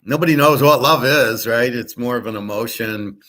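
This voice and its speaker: Man, casual monologue, blunt, profane, rambling, mid-pitched voice. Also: moderate pace, sharp tone. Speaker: show host.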